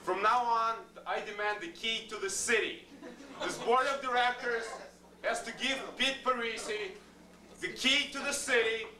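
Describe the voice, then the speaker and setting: A man's voice: very high voice, steady tone, a little slow, crowd noise. A man speaking at a public board meeting, ranting angrily with insults and demands. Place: meeting room, indoors. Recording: echoey room from far off, faint noise.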